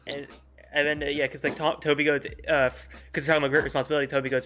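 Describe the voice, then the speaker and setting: A man co-hosting a podcast, chatting casually and with excitement, full of "like" and "dude". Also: fairly high pitch, rapid-fire, faint music behind. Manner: enthusiastic, fills with "like" and "dude". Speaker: podcast co-host. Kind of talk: casual chat.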